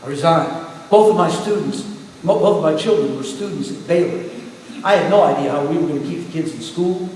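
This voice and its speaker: A man's voice: fairly high pitch, brisk. Middle-aged pastor guy giving a sermon, recorded from a distance in a reverberant hall, faint hiss. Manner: storytelling, shifting from quiet to emphatic. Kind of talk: sermon with personal testimony. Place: church sanctuary.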